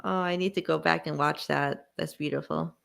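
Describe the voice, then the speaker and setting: A woman in casual stream chat, quick to react and often laughing. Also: low-pitched, fairly even intonation, gravelly, a bit bright.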